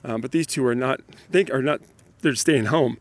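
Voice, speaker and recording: A man in his thirties or forties, a father telling parenting stories in a casual, animated monologue and laughing often. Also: medium pitch, moderate pace, dry recording.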